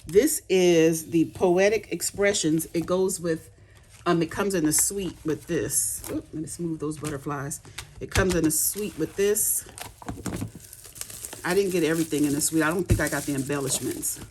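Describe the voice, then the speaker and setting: A woman's voice: deep voice, normal speed, noisy background. A woman demonstrating craft supplies in a casual unboxing chat, chatty and gushing with delight. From United States.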